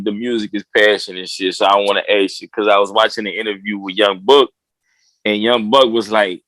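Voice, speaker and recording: A man's voice: medium pitch, fairly bright tone, dry recording, poor audio. Dry-sounding man hosting a profane, loose chat. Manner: profane, laughing, retells stories. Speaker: podcast host. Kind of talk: casual chat.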